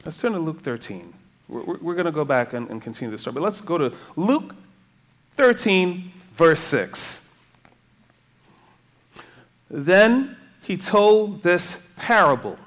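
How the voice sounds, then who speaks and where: A man's voice: a little high, very animated, moderate pace. A man preaching a sermon in a conversational way, reading scripture and asking the congregation rhetorical questions.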